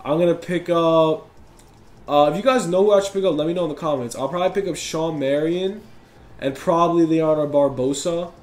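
A young man calls a basketball video game live, fired up and griping at his opponent. His voice sits a little high and rings in an echoey room. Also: fairly quick. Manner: competitive, yells and complains at opponent. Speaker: gaming YouTuber. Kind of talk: live gameplay commentary.

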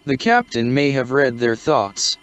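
Slow, measured male story narrator. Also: medium pitch, sing-song, a bit bright, clean tone, soft background music. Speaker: audiobook narrator. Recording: dry, dull lo-fi recording.

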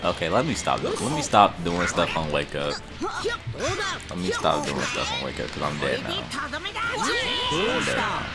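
A young man giving casual live commentary while playing ranked fighting-game matches, swinging between muttered complaints and yelled reactions. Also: very deep voice, expressive, normal speed. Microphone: desktop USB microphone. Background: loud game music.

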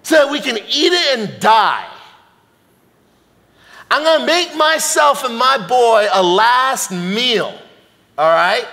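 A man voicing a tough, defiant widowed woman with a brash New Jersey accent, talking rough and streetwise. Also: very high-pitched, sing-song, slow, long pauses, bright, forceful tone, pitched above the performer's own voice, full character voice. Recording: long hall reverb, church sanctuary.

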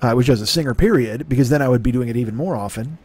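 Racing along in a medium-pitched voice with a darkish, slightly rough tone, the comedy podcast host rambles and swears through a self-deprecating monologue, occasionally breaking into goofy crooning. There's no echo on the recording.

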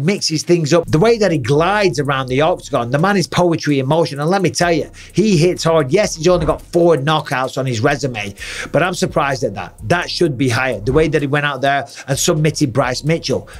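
A former fighter in his forties talks through an upcoming bout with punchy emphasis. His voice sits a little high for a man, and he keeps asking his listener "okay?" and "right?". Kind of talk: fight analysis commentary.

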